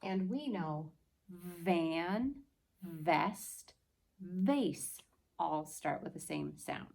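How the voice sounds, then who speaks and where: A woman teacher walks young learners through a phonics lesson, stretching out each sound with patient, exaggerated care. Her speech is very slow and unhurried, with a low, gravelly fry running through her voice. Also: lively intonation, a little mellow. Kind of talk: early-reading phonics lesson.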